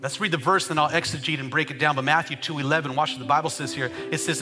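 A man pastor preaching a sermon to a congregation. He swings from shouting to hushed tones and calls out to the crowd. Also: on the high side, steady tone, fast talker. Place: church service. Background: music.

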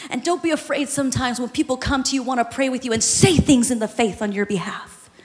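A woman pastor delivers an impassioned sermon, dropping to a hush and then rising to shouts. Her voice sits high. The church sanctuary adds a long, ringing reverb. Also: a little fast. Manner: impassioned, swings from hushed to shouting.

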